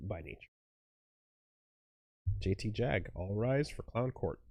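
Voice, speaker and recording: Low, lively-voiced man rambling over a game. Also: takes it slowly, creaky, no echo, studio quality. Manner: rambling, self-interrupting, bursts into loud laughter. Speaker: let's play host. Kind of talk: casual gaming commentary.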